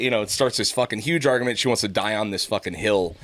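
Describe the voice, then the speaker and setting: A middle-aged man on a podcast, telling a profane, animated story about his kids in a casual chat. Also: on the low side, fast talker. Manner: profane, storytelling, animated when quoting others. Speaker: podcast host.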